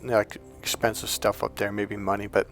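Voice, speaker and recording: A man, a life coach and energy healer, telling a story in an animated way and acting out what people said. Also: lowish voice, moderate pace, gravelly, soft background music. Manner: animated, acts out quoted voices with laughs. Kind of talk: storytelling monologue.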